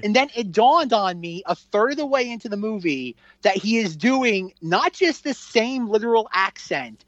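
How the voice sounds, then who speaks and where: A podcast co-host talks films in loose, animated chat, full of fillers and acted-out reactions. The recording is dull and lo-fi. It sounds dry, with no room around the voice. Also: medium pitch, normal speed, hardly any pauses, dry recording. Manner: animated, rambling, filler-heavy, acts out own reactions. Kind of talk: casual film review chat.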